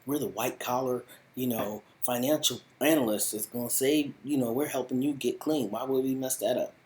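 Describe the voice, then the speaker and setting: A man doing a high, insistent money man. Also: darkish tone, close to an everyday voice. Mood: pleading. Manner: fast, insistent, slangy pleading. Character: slick, defensive male financial adviser pleading.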